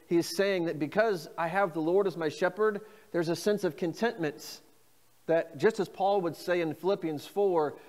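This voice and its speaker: A man preaching a sermon as pastor, reading scripture phrases slowly and inviting the congregation to repeat them. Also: a little high, long reverb tail. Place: church.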